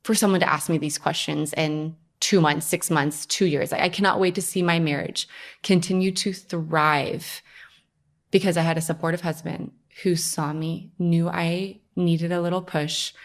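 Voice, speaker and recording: A young woman, a podcast guest, telling her personal story in a lively, conversational way. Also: lowish voice, normal speed. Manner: animated storytelling, acts out her own past voice.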